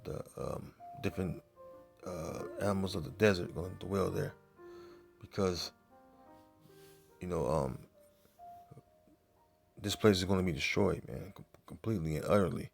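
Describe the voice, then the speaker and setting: A man teaching from the Bible in a casual, halting way, full of fillers, reading verses aloud more loudly and muttering to himself while he searches. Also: deep voice, vocal fry. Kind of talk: informal scripture teaching.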